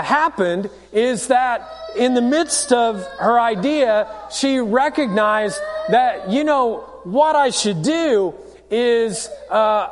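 A pastor preaching a sermon, telling a story with jokes and speaking straight to the congregation. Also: male voice, extremely high pitch, big-room sound. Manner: storytelling, joking, direct to the congregation. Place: church.

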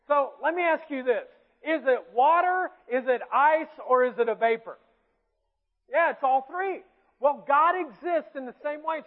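A Southern preacher with an unusually high voice for a man, talking plainly and conversationally to his congregation and tossing questions out to them. The sound is thin and tinny, like a phone line, and a long reverb trails off every phrase in the big room. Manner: conversational preaching, asks the congregation questions, light self-mocking asides. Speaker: pastor. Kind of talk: sermon. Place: church sanctuary.

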